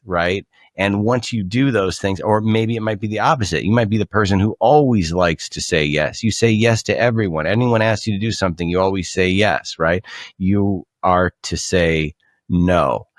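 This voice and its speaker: A man on a podcast, telling a story in a relaxed, animated way and often repeating words as he starts a thought. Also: low voice, moderate pace, no room sound, studio quality. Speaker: podcast guest. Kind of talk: casual storytelling.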